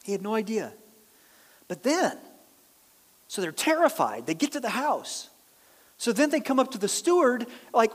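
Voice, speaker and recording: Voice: high-pitched, sing-song, normal speed, pauses often. A pastor preaching a sermon, telling the story with energy and acting out the voices of the people in it. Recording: long reverb of a large hall.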